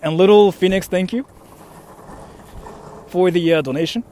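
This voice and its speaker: Young man, high voice, animated livestream chatter, rambling with fillers. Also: moderate pace, slight background noise. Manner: animated, rambling, swears mildly, many fillers. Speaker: livestream host reading donations. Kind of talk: casual livestream chat.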